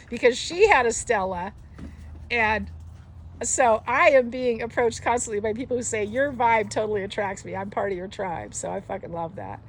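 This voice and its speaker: A woman who breeds dogs, chatting casually outdoors and slipping into baby talk with her puppies, swearing freely. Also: on the high side. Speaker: dog breeder. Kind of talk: casual vlog chat with puppies.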